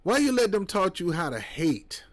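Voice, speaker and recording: A man's voice: high-pitched, very animated, moderate pace. A man, giving a heated, preachy political monologue as a commentator. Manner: heated, preachy, mocking put-on voices.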